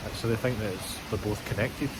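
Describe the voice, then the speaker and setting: A man's voice: on the low side, brisk. A man chatting casually as a travel companion, laid-back and mostly giving short replies. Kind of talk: casual chat. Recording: loud background noise, off camera.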